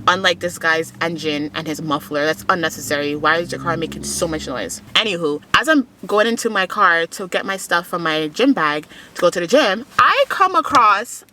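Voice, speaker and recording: A young woman from Montreal, chatting to camera in a casual vlog and telling stories in an animated way. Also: fairly low pitch, background noise. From Montreal, Canada. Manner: chatty, animated storyteller, laughs often. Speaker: fitness vlogger.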